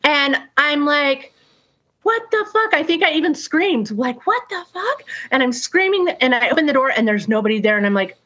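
An animated middle-aged woman recounting a story in casual, profane talk, acting out bangs and voices as she goes. Her voice sits a bit high for a woman. The recording is dull and lo-fi. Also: brisk, hardly any pauses. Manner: animated, acts out sounds and quotes, swears freely. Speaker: guest telling a personal story. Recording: dull lo-fi sound.

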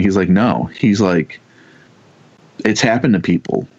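A man in his thirties telling a ghost story in casual chat, rambling and halting with many restarts and casual swearing. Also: deep voice. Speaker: podcast guest telling ghost stories. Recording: dull lo-fi sound.

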